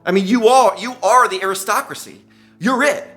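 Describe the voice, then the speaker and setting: Exuberant, high-pitched motivational speaker man. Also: normal speed, a bit bright, soft background music. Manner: exuberant, gushing, keeps exclaiming and addressing listeners as guys. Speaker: commencement speaker. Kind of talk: motivational speech.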